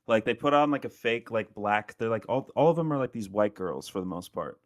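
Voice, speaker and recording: A man co-hosting a casual podcast, talking in a rambling way with "like" in nearly every phrase and laughing often. His voice sits somewhat low. It is heard dry and close, with no room sound. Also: lively intonation, a little fast, dry recording. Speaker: podcast co-host.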